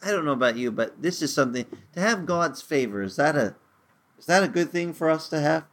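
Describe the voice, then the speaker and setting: A man leads an informal Bible study in a conversational way, full of asides and restarts. His voice sits a little high and swoops widely as he gets animated. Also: a little fast. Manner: animated, lively pitch swings, acts out voices in quotes. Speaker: preacher teaching a home Bible study.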